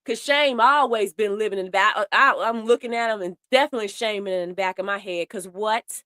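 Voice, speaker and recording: A woman's voice: mid-range voice, brisk, bright, forceful tone, no room sound, clean studio sound. A woman doing heated commentary, blunt and profane, speaking straight to her viewers in a way. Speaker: commentary host. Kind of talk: casual commentary.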